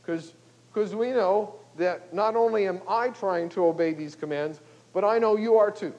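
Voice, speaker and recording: A man's voice: sits high, normal speed, a little mellow, dull audio. An older man, a pastor, preaching a sermon in a conversational, folksy way, often checking in with "okay?" and "you know".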